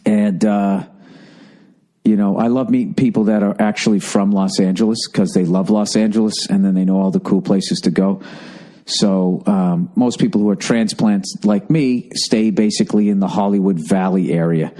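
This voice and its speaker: A man in his forties hosting a podcast, telling a rambling, profane comic story in a tired, lethargic way. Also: lowish voice. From United States. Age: 40s. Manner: rambling, profane storytelling with lively acted-out quotes. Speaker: podcast host. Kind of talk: solo comedic monologue.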